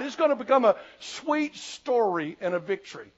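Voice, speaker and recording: High-voiced older preacher, folksy and urgent. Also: male voice, big pitch swings, normal speed, hardly any pauses, muffled recording. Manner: folksy storytelling, swings from loud urging to soft confiding. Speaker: pastor. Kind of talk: sermon.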